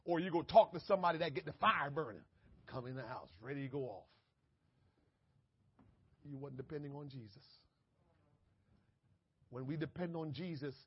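A man preaching a conversational sermon, dropping to a hush and then rising to shouts, acting out little conversations and laughing at himself. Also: on the high side, husky, no room sound, dull audio. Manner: conversational preaching with big swings from hushed to shouting. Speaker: pastor.

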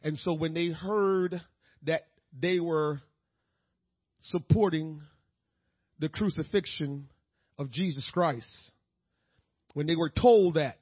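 A man preaching a sermon with a husky voice, swinging from hushed talk to shouting and crying out. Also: fairly high pitch, takes it slowly, long pauses, no room sound, muffled recording. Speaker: pastor.

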